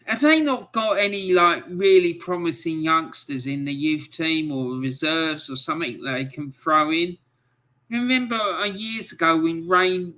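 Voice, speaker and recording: Bright-toned, unhurried football host. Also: male voice, a little high. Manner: excitable, chatty, swearing. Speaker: football fan show host. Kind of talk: live-stream chat reading viewer comments.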